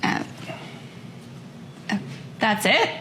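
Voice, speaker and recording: A woman's voice: extremely slow, pushed and bright, slight background noise. An actress playing a woman who breaks up with her partner in a comedy sketch, asking flustered, pleading questions. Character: woman ending a relationship, flustered.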